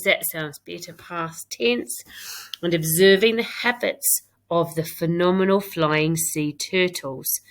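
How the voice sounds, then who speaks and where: A woman's voice: low-pitched, takes it slowly. A woman with a British accent, a primary school teacher giving a recorded English lesson to young pupils. She reads her own writing aloud and talks it through step by step.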